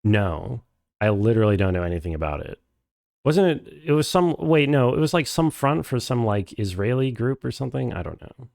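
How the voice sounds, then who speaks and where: A man streaming a game, chatting casually and reading chat aloud in a rambling, deadpan, self-deprecating way. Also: medium pitch, brisk, creaky, no room sound, studio quality. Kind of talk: casual live-stream chat while playing.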